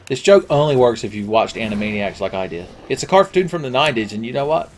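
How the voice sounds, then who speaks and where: Man, game commentator, sarcastic profane banter, mid-pitched voice. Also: animated, quick pace, few pauses, a little hiss or hum. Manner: sarcastic, profane, rambling jokes. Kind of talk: let's play commentary.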